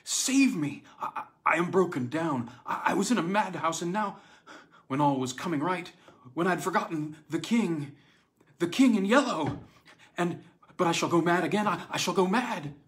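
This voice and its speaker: A man's voice: high voice, lively intonation, moderate pace, fairly bright tone, voice pushed up. A man voicing a broken-down, terrified man who stammers and pleads hysterically in an audiobook reading. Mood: panicked pleading. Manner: sobbing, stammering, frantic pleading.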